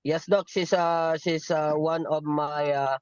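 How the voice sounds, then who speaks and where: A man on a video call, speaking hesitantly with many pauses and fillers. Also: fairly high pitch, steady tone, smooth, dry recording. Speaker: teacher applicant on a call. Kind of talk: casual video-call chat. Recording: dull dry video-call audio.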